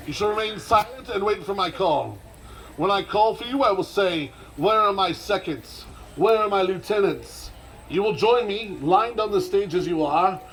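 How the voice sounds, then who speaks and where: A man's voice: high-pitched, poor audio. A man leading a crowd in live outdoor street theater, commanding and theatrical with dry sarcastic asides. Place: outdoor festival stage.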